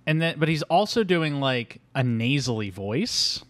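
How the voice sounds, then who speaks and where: A man's voice: mid-range voice, lively intonation, a little slow, fairly bright tone, dry recording. A man co-hosting a casual movie podcast, chatty and laughing often, with trivia asides. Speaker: podcast co-host. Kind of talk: casual movie-discussion chat.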